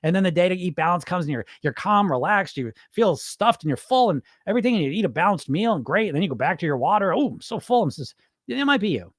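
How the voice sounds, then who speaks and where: Guy on a live stream talking weight loss, blunt and swearing, pitch a bit high, dry close sound. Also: fast, no echo. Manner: blunt, animated, swears freely, acts out dieters' inner voices. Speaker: weight loss hypnotist answering live chat. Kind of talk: casual live-stream talk.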